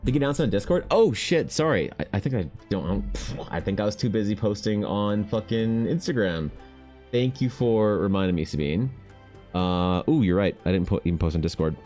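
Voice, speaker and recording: A man's voice: on the low side, fairly quick, soft background music. A man chatting casually to his stream viewers, rambling and swearing as he tells convention stories. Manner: rambling, profane, animated storytelling. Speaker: streamer and dice maker talking to chat. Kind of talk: casual livestream chat.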